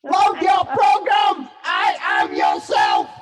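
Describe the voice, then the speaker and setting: A man voicing a menacing male robot through a synthesizer robot effect, declaring slowly. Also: very high-pitched, huge pitch swings, raised voice, over a noisy crowd, very noisy, voice pushed up, heavily acted. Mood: commanding. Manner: slow commanding declarations.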